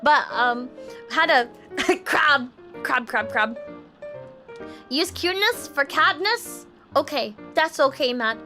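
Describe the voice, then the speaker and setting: A woman's voice: high-pitched, expressive, slow, pauses often, bright, forceful tone, soft background music. A woman hosting a casual livestream chat, telling bubbly stories and often giggling. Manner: refers to herself in third person. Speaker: livestream host.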